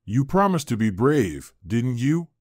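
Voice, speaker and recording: A man's voice: medium pitch, sing-song, a little slow, dry recording, clean studio sound. A man voicing a huge, strong and kind forest man who speaks encouragingly, in a storybook reading. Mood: earnest. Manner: warm, encouraging. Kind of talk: storybook narration.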